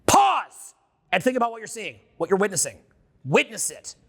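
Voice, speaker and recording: A man holds forth before a live audience, his high voice edged with gravel and a bright, forceful push. He fires question after question at the room and swears freely as he drives his points home. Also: moderate pace. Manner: animated, questioning the crowd, profane. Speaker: seminar speaker. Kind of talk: live seminar talk to an audience. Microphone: unamplified handheld mic.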